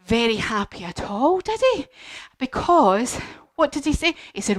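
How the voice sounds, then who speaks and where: A woman's voice: a little high, animated, unhurried, dry recording, clean studio sound. A woman leading a children's yoga class through a story, singsong and encouraging.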